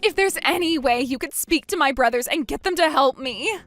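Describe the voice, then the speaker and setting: A groveling sister-in-law, pleading and whining in a high, shrill voice that keeps leaping upward, as a woman storyteller puts her on. She sounds self-pitying and desperate, like a storybook character begging for help. Soft music plays faintly behind her. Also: lively intonation, fairly quick. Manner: pleading, whiny, pitch jumps high. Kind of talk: storybook narration.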